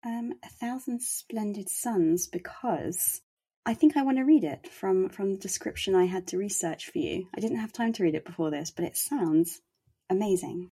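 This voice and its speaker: A woman's voice: medium pitch, moderate pace, warm tone, slightly rough. A woman hosting a casual interview, teasing and encouraging her guest and laughing easily. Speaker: podcast host.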